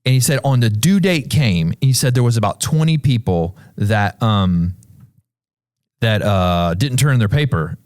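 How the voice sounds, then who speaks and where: A man's voice: measured pace, dry recording, clean studio sound. A man talking about faith on a church podcast, telling a story and acting out the people in it with sudden jumps in his voice. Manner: animated storyteller, acts out voices with big pitch jumps. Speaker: pastor. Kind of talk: casual church podcast conversation.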